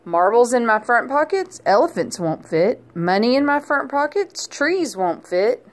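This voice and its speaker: A woman's voice: a little high, expressive, moderate pace. A woman voicing a cheerful young boy in a children's storybook, singing playful rhymes. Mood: singsong. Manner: sings little rhymes, bouncy. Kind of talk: children's storybook read-aloud.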